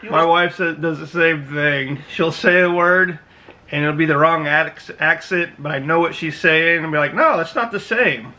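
A man's voice: fairly high pitch, little pitch movement, normal speed, bright, forceful tone, low-quality recording. A man hosting a reaction video, chatting and laughing as he tells stories. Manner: chatty, laughing, retells anecdotes. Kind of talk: casual reaction commentary.

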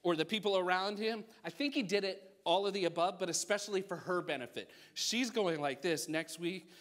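A male pastor preaching a sermon, acting out voices in his stories, swinging between loud bursts and hushed asides, with jokey remarks. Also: high voice, brisk. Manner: animated storytelling, acts out voices, jokey asides.

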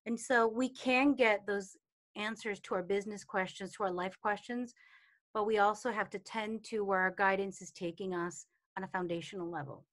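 A woman teaching about intuition and calm on a live video call, chatty, with many fillers and acted-out quotes. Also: mid-range voice, normal speed. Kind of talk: casual talk in a live online session.

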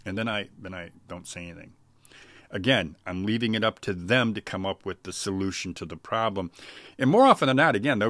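A man's voice: lowish voice, fairly bright tone, no echo. A middle-aged man giving casual business advice, talking conversationally and often restarting his phrases. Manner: conversational, frequent restarts and repeated words. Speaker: small business coach. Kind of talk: casual advice talk to camera.

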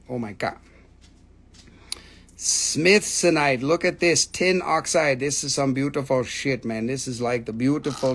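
A man's voice: fairly high pitch, fairly bright tone. A man hosting a casual live crystal sales stream, teasing viewers playfully, laughing often and swearing freely.

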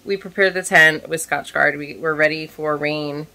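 Hoarse woman chatting in a vlog. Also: low-pitched, normal speed. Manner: chatty, animated storytelling. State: scratchy, hoarse throat. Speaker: vlogger, stay-at-home mom. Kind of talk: casual vlog chat. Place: home kitchen, cooking.

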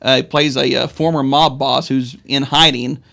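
A man's voice: mid-range voice, fairly even intonation, moderate pace, vocal fry, sharp tone. A man chatting about movies as a guest in a radio studio, joking and often stumbling over his restarts. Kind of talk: casual radio banter.

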